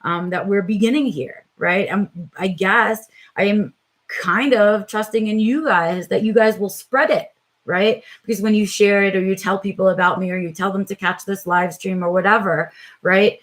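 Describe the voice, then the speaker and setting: A woman's voice: medium pitch, steady tone, normal speed. Reflective woman hosting a live stream. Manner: reflective, hesitant, many "um"s and "right?"s. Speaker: vlog host on a live stream. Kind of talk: unscripted live stream chat with viewers.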